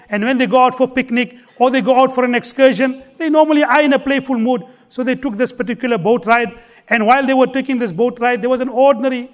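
A man delivering a sermon in a very high voice for a man. He tells a story, recites scripture, and drives his points home by repeating them with emphasis. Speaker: preacher.

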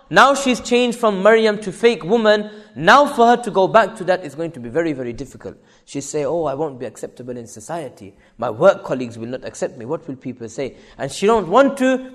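A man's voice: fairly high pitch, big-room sound. A male preacher giving an impassioned sermon to women, hammering home repeated rhetorical questions. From United Kingdom.

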